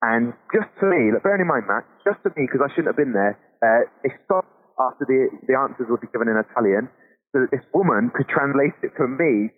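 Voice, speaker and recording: A man's voice: medium pitch, fairly quick, slightly rough. Englishman chatting over a tinny line. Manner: animated, laughs often, frequent restarts. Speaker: podcast guest. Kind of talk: casual chat, storytelling anecdotes.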